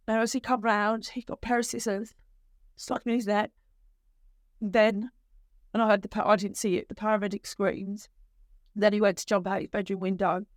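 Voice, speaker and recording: A middle-aged woman, a guest on a podcast, telling her story emotionally, with halting restarts. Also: medium pitch, no echo, studio quality. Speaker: guest, bereaved mother. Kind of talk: podcast conversation.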